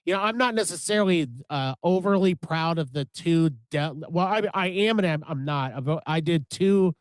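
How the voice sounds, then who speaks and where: A man's voice: fairly high pitch, normal speed, smooth, no room sound. Earnest rambling male podcast co-host. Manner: earnest, rambling with many restarts. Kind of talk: casual chat.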